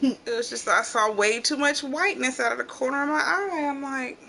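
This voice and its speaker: Woman, middle-aged, high voice, casual storytelling, lively acted-out quotes, faint background noise. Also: fairly quick, creaky. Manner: animated storyteller, acts out quotes loudly. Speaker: channel host.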